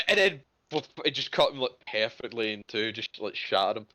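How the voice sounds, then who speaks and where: A man running a tabletop game as dungeon master, narrating casually with halting restarts. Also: mid-range voice, expressive, bright, forceful tone. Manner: casual, halting, full of fillers.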